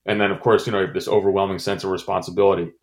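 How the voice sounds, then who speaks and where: A middle-aged man recounting a painful memory in an interview, halting with many fillers and restarts, emotional. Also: low voice, little pitch movement. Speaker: former intelligence station chief. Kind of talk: interview, personal recollection.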